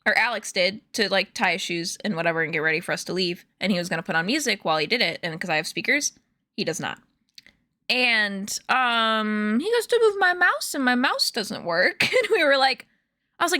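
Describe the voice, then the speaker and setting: Bright-voiced young woman chatting on stream. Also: mid-range voice, no room sound, studio quality. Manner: chatty, rambling storytelling with many fillers and laughs. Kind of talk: casual chat to stream viewers. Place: home room.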